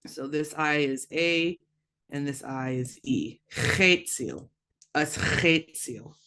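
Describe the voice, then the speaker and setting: A woman teaching a language lesson, slow and patient, repeating words for learners to echo. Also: low voice, fairly bright tone.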